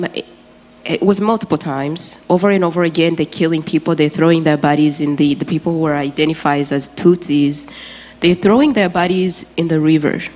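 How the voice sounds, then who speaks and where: A woman's voice: sits low, a little mellow. A woman from Rwanda, giving an earnest, emotional personal testimony as a guest speaker in a church. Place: large church auditorium. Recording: reverberant church hall, faint ambience.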